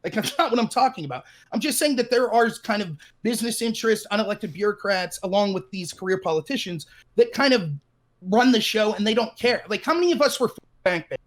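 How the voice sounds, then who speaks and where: High-voiced man on a glitchy call. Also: expressive, fast talker. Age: 30s. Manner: hesitant, apologetic, hedging with "I feel". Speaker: caller. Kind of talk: casual political debate. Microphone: voice call with a cutting-out mic. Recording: call audio, mic gating.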